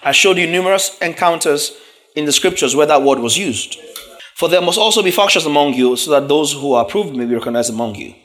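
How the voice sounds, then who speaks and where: A man preaching in a slightly higher voice than most men. He reads passages aloud and stops to unpack single words. He asks the congregation quick questions as he goes. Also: animated, a bit bright. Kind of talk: sermon, teaching from scripture.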